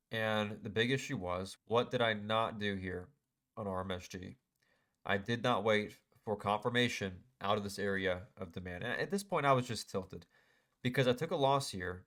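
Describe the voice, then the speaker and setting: A young day trader casually recaps his trading day over a chart in a screen-share, his voice fairly low and fairly bright. He sounds self-critical and frustrated as he goes through his mistakes.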